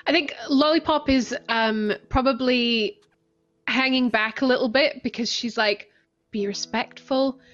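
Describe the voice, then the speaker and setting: Woman explaining her rpg character, stumbles a lot, slightly high voice, muffled sound. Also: fairly even intonation, unhurried, fairly bright tone, soft background music. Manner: hesitant, repeats words. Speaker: player. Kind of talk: tabletop role-play narration.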